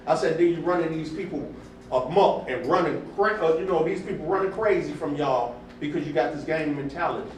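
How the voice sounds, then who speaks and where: Fired-up guy telling a story in a super echoey room, mic kinda far, slightly high voice. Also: fairly quick, slight background noise. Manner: heated, retells dialogue with emphatic outbursts. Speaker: church member recounting a debate. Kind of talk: animated storytelling in group talk.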